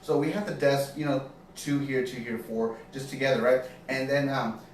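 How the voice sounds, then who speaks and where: A man's voice: mid-range voice, steady tone, normal speed. A man hosting a casual podcast chat, telling rambling stories full of fillers and restarts. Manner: rambling storyteller, lots of fillers. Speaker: podcast host. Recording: very echoey room, far from mic, faint noise.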